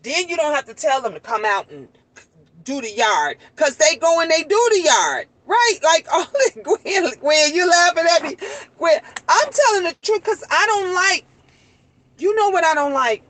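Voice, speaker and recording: A grandmother hosting a talk show, telling stories and scolding in an animated, outspoken way. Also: very high voice, normal speed, low-quality recording. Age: older. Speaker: show host. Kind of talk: casual monologue to listeners.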